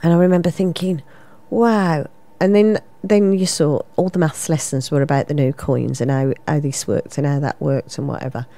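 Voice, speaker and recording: A woman in her fifties from England, presenting a local radio show with lively, self-mocking, rambling chat into a studio microphone. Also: low-pitched, moderate pace, no room sound. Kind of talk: chatty local radio banter.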